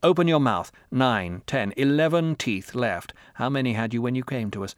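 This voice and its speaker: A man's voice: medium pitch, expressive, moderate pace, dry recording, studio quality, lightly acted. A man voicing a cold, menacing middle-aged male interrogator in an audiobook, with a harsh, commanding, contemptuous manner. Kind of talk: audiobook character reading.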